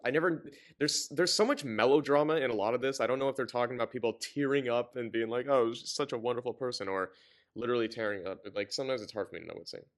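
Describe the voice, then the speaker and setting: A man's voice: medium pitch, quick pace. A man reading a novel aloud, often stumbling, correcting himself and breaking off with sarcastic commentary. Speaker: reader and commentator.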